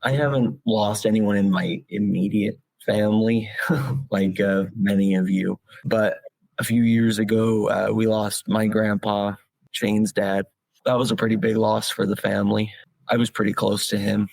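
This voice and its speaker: A young man speaks in a plain-spoken, slightly hesitant way as a podcast panel guest. His voice sits low with a gravelly edge. The sound is dry and close. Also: little pitch movement, measured pace, darkish tone, no room sound, poor audio. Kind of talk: casual chat.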